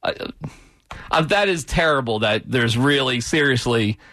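A man hosting a casual sports talk show, joking and animated. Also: mid-range voice, measured pace. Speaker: podcast host.

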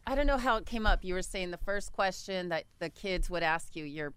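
Radio co-host woman, lowish smooth voice, dry sound, chill. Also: lively intonation, a little fast, a bit bright, dry recording. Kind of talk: casual radio chat.

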